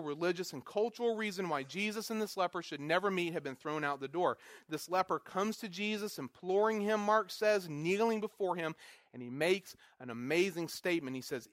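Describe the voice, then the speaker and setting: High-voiced earnest male preacher. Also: dry recording, clean studio sound. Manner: earnest preaching, repeats words for emphasis, builds to bursts. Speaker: pastor. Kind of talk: sermon.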